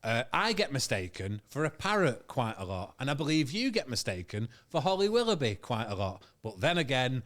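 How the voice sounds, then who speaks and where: A man, a comedian guest, telling a comic story in an animated, sweary way and laughing through it. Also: mid-range voice, brisk, hardly any pauses.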